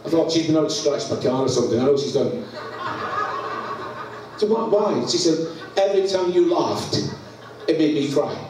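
A Scottish man preaches in a church hall, laughing his way through a funny story and acting out sounds. His slightly high voice has lively intonation, normal speed, and frequent pauses. The distant mic picks up church echo and background noise.

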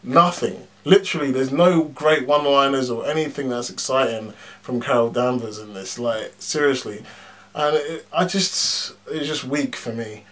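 A man in a casual movie-review vlog, ranting bluntly with plenty of swearing and "like"s and "um"s. His voice sits at an ordinary middle pitch for a man. He sounds like he is talking straight to his viewers. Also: moderate pace. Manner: animated, blunt, frequent swearing and fillers.

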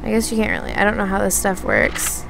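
A young woman streaming a survival game, chatting to herself with lots of fillers, slipping into high panicked pleading at times. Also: sing-song, quick pace, creaky, noisy background. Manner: chatty, filler-heavy, talks to herself while exploring; panicked high-pitched pleading when attacked. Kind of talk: casual live-stream commentary.

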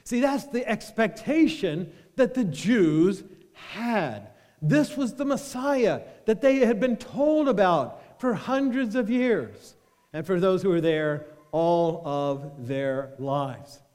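A man preaching a sermon as pastor, animated and drawing the congregation into call-and-response. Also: high-pitched, slow, in a large hall. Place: church sanctuary.

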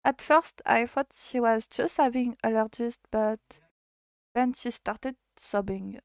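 A French woman streaming and reading a visual novel aloud in English, hesitant and halting, often laughing between lines. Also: fairly high pitch, vocal fry, no echo, clean studio sound. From France.

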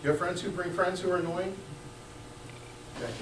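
A man preaching a sermon as pastor, lively and joking, swinging between hushed asides and loud bursts. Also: high-pitched, normal speed, background noise. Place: church sanctuary. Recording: echoey church room, mic at a distance.

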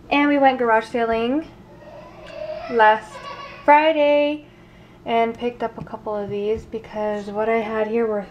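Chatty young mom vlogging at home. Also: female voice, on the high side. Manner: chatty, teasing. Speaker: vlogger and mother of twins. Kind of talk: casual home vlog chat. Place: home kitchen. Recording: faint background noise.

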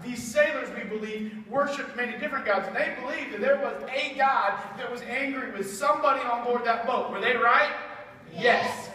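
A woman teaching a playful Sunday school Bible lesson to children, jokey and animated, swinging from loud bursts to hushed asides. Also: on the high side, moderate pace. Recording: echoey hall from far off.

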